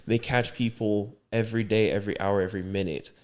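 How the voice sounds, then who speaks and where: A man's voice: on the low side, steady tone, brisk, a crowd in the background. A man on a podcast as a guest in casual chat, telling stories in a rambling, filler-heavy way.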